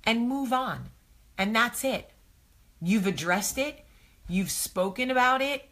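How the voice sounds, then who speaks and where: A woman's voice: on the high side, expressive, slow, a bit bright. A woman hosting a live advice chat, talking straight to viewers, chatty and effusive as she answers their comments. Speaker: host of a live advice show. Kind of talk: casual live-stream chat.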